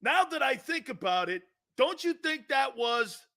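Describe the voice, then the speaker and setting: A man with a Philadelphia accent hosting an opinionated sports talk show, loud and excitable, often laughing and shouting. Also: very high-pitched, takes it slowly, long pauses.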